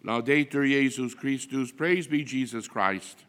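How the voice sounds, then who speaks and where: A man, a priest, giving the Mass readings and homily in a measured, deliberate delivery. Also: mid-range voice, fairly bright tone, smooth. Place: church. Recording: long church reverb.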